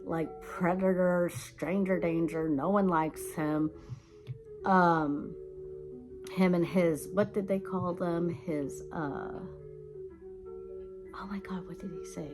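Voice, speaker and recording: A woman vlogger telling rambling, animated stories in a casual chat, laughing now and then. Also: on the low side, slow, music in the background, rough recording.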